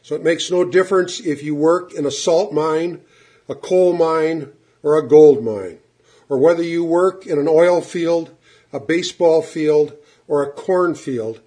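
Delivering his sermon with earnest emphasis, this man slows his pace to drive home important words. His voice is mellow and fairly high in pitch.

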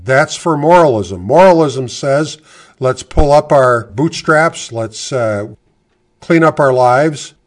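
Slow-paced male preacher. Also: medium pitch, animated. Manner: deliberate Bible exposition, slowing to stress key words. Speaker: pastor. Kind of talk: sermon.

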